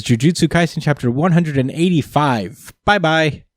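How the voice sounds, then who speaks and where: On a podcast, a man with a voice on the high side casually recaps a manga chapter at normal speed. He rambles with plenty of ums and uhs and laughs frequently, with faint music behind him.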